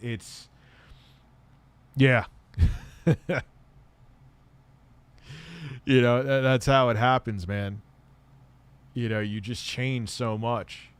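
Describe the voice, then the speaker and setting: A man's voice: medium pitch, dry recording. A man hosting a livestream, answering viewer questions in a blunt, offhand way and swearing often. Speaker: livestream host.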